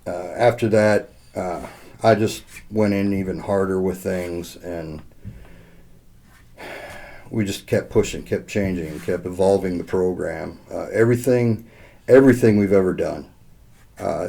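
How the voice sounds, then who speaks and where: A man's voice: deep voice, steady tone, unhurried, vocal fry, long pauses, warm tone. A middle-aged man, a podcast co-host, tells a long heartfelt story in casual chat, rambling with lots of "uh" and quoted back-and-forth. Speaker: podcast co-host leading a school safety program.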